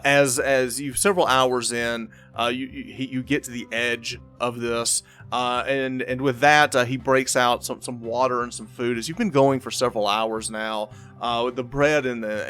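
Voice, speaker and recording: A male game master describes the scene in a halting, searching way, stopping and restarting often. His voice sits at a middling pitch, with faint music playing behind it. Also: fairly bright tone, clean tone. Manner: halting, with many fillers and restarts. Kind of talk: narrating a tabletop game.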